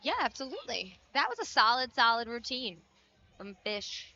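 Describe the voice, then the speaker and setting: A woman's voice: on the high side, sing-song, moderate pace, bright, forceful tone. A woman giving color commentary on a gymnastics meet, enthusiastic and chatty, with a muffled broadcast sound. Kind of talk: sports commentary.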